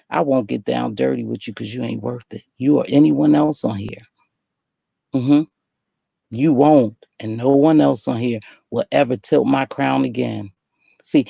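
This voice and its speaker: A woman's voice: a bass voice, creaky, dark tone, slightly rough, no echo. A woman hosting her own online channel, delivering a defiant, emphatic direct-to-camera rant that scolds someone. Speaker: online video host.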